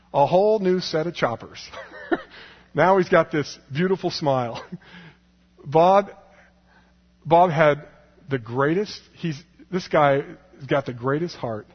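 A man with a husky voice tells a personal story to a live audience, chatty and quick to laugh. He acts out the people in the story as he goes. His voice rings through a large hall on a dull, lo-fi recording. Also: on the high side. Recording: long hall reverb, dull lo-fi sound.

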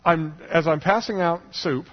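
Husky man rambling through a story. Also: fairly high pitch, normal speed, lo-fi sound. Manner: rambling, many "you know"s and restarts. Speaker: speaker telling a personal story. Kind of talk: storytelling talk.

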